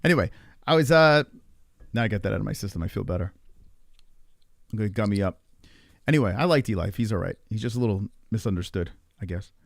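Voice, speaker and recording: A man's voice: fairly low pitch, expressive, quick pace, gravelly, pauses often, no echo, studio quality. A man streaming a rambling, profane monologue with an exasperated manner. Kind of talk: ranting casual monologue.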